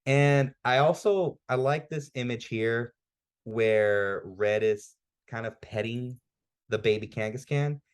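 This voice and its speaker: A man's voice: mid-range voice, slow pace, clean tone. A man co-hosting a podcast, casually recapping and reviewing a comic chapter with enthusiasm and lots of "like" fillers. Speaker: podcast co-host.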